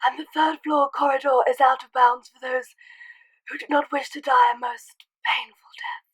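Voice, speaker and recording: A hoarse woman with a cold voicing a wise old male wizard headmaster, booming a grave warning. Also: steady tone, moderate pace, dry recording, low-quality recording. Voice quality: hoarse, shouted then hushed.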